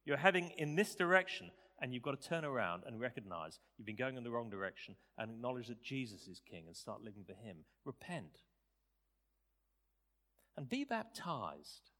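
A man preaching a sermon, animated and rising to loud, emphatic peaks. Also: medium pitch, moderate pace. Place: church. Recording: church hall reverb.

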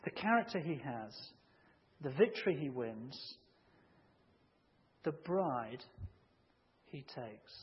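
A man preaching a sermon, measured and emphatic, rising to loud shouts when acting out a story. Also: mid-range voice, expressive. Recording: muffled audio with long hall reverb.

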